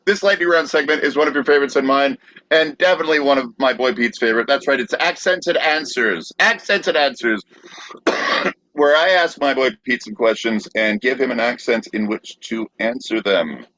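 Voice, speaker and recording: A man's voice: mid-range voice, normal speed, sharp tone, dry recording. A man co-hosting a podcast, teasing in casual banter over a video call. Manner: playful, teasing. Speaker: podcast co-host. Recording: dull, muffled dry sound.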